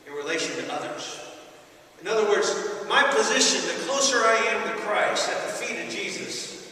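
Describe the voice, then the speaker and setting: A man's voice: high-pitched, lively intonation, moderate pace, bright, forceful tone, a little hiss or hum. A man preaching a sermon to a congregation, emphatic, repeating key phrases and calling out to the church. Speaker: pastor. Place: large church hall. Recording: echoey hall from far off.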